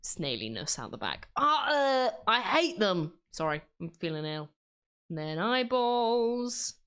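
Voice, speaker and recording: A woman's voice: mid-range voice, sing-song, takes it slowly, a bit bright, clear, resonant tone. A woman chatting casually while she draws, self-mocking and laughing often. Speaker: drawing vlogger. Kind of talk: casual chat while drawing.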